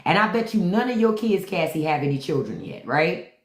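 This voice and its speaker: Middle-aged woman host, lively swooping delivery, low voice, blunt and profane, in an echoey room. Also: a little fast. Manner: blunt, profane, animated storytelling. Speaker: host of a live stream. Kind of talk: casual live-stream chat with viewers.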